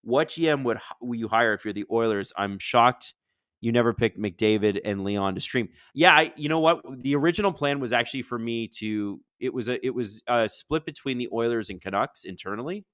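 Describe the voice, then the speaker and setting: With a mid-range voice and a slightly quick pace, a man runs a live hockey watch-along, mixing game commentary with casual chat. He's energetic and rambling and reads viewers' questions aloud. The studio-quality recording has no room sound.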